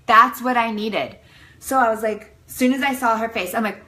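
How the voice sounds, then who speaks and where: Bright, animated woman vlogger. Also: a little high, normal speed, low-quality recording. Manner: animated, dramatic, peppered with "like". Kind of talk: casual storytelling to camera.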